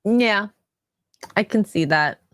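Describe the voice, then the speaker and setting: A woman's voice: medium pitch, animated, takes it slowly, fairly bright tone, no room sound. Teasing woman in a dry-sounding chat. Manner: laughs often, teasing quips. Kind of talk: casual chat.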